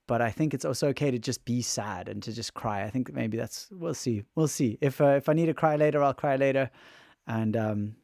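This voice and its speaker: A weary man talks to viewers on a livestream, his throat sounding raw from fatigue. He is open and emotional, and he rambles and restarts as he thinks aloud. His voice sits at an ordinary middle pitch, recorded close in a dry room. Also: a little mellow, dry recording. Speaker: livestreamer and musician. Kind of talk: casual livestream chat.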